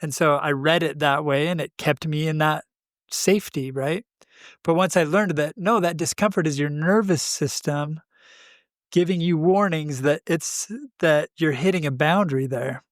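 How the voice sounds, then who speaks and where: A man co-hosts a reflective spiritual conversation. His voice sits a touch higher than most men's, and he speaks thoughtfully, pausing often. The recording is close and dry. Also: no room sound. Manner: thoughtful, unhurried, frequent "uh" pauses. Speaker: podcast co-host.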